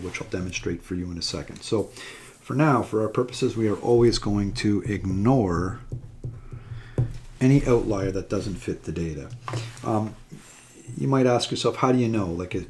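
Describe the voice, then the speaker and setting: Low gravelly man teaching step by step. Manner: relaxed, talks step by step while drawing. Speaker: math teacher. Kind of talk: classroom demonstration lesson.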